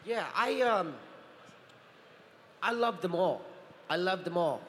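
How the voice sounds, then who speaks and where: A man in his thirties, a guest actor at a convention panel, telling lively anecdotes and acting out the people he quotes. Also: high-pitched, slow. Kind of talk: Q&A storytelling. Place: large convention hall. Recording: echoey hall with long reverb, faint noise.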